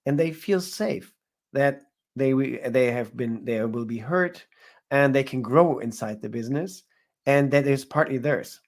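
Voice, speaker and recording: A man appears as a guest entrepreneur in an interview, offering advice in casual answers and often restarting phrases as he searches for words. His voice is medium-pitched and expressive, with a measured pace.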